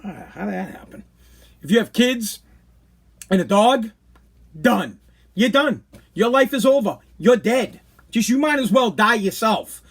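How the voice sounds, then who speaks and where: A man's voice: very high-pitched, expressive, unhurried, long pauses, slightly rough. A man hosting his own live-stream podcast, ranting in an aggravated, sarcastic way. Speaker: podcast host.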